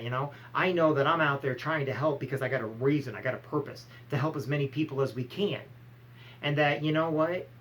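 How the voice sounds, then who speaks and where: A man's voice: a little high, slight background noise, rough recording. A man giving a blunt, emphatic motivational talk, firing rhetorical questions and acting out short scolding exchanges. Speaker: motivational speaker.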